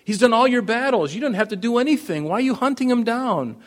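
A man's voice: extremely high pitch, lively intonation, fast talker, pitched above the performer's own voice. A man voicing a young man pleading with his angry father, raised and urgent.

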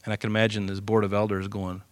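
A man preaching a sermon, lively and animated, swinging from loud emphasis to hushed asides. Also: on the low side, very fast, no room sound, studio quality. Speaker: pastor.

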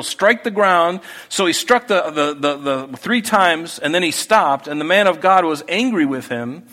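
A man preaching a sermon, talking through the text in a conversational way that moves from hushed to emphatic. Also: on the high side. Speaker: pastor. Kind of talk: expository sermon. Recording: echoey hall with long reverb.

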